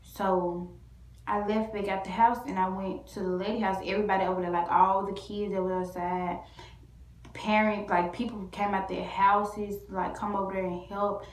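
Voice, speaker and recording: A woman's voice: medium pitch, little pitch movement, normal speed. A woman vlogger telling a story casually to camera, rambling with many fillers and restarts. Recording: echoey room.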